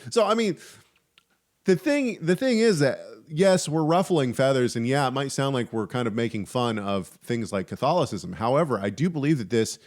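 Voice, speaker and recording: Male podcast host, mid-range voice, relaxed chatty delivery with dry jokes. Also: mid-range voice, moderate pace. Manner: chatty, frequent restarts, wry humor. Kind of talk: casual theological discussion.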